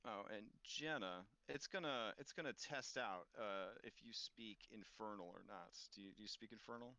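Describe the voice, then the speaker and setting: A man running a tabletop game as game master, explaining rules in a relaxed way with many fillers. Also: on the low side, moderate pace.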